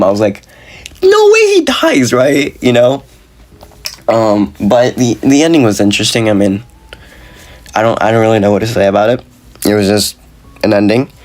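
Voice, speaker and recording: A man giving a casual, frustrated video review, talking fast and excitedly with lots of slang and fillers, his voice jumping up when he is exasperated. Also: lowish voice. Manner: animated, voice jumps up when exasperated. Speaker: movie reviewer.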